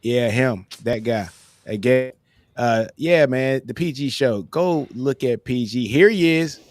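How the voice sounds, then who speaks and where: A man's voice: medium pitch, measured pace, no echo, studio quality. Laid-back male sports podcast host. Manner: laid-back, sprinkles "man" everywhere. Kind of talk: casual sports chat.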